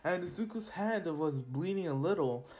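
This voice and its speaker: A man's voice: high voice, expressive, moderate pace, a little mellow, faint music behind. A teenage boy narrating a fan-made superhero story in a casual, rambling way with laughing asides and slang.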